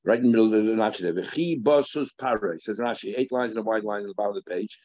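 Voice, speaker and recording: A man's voice: fairly low pitch, quick pace, hardly any pauses, darkish tone, dry recording. A man giving a daily Talmud class, thinking aloud, repeating phrases and weaving Hebrew and Aramaic terms into his English. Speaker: Talmud teacher. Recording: dry, dull lo-fi recording.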